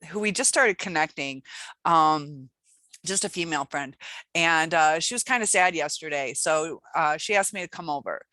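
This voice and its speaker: A woman's voice: sits low, bright, forceful tone, no room sound. A woman hosting her own channel, giving casual advice in a rambling way, with many fillers and restarts. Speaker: channel host.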